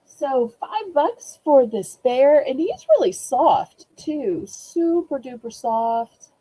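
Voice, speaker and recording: A woman's voice: sing-song, takes it slowly, mellow, rough recording. A woman hosting a live-stream auction from home, talking to viewers on a webcam, fighting back her emotions before she goes back to cheerful selling. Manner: emotional, holding back tears, then cheerful product pitching.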